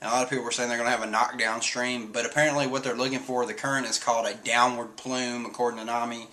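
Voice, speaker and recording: A young man walks through a comic chapter in a loose, chatty way, laughing often and breaking into silly voices for quotes. His voice is bright and forward, and his pitch sits in a middle range. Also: little pitch movement, quick pace, rough recording. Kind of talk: casual recap commentary.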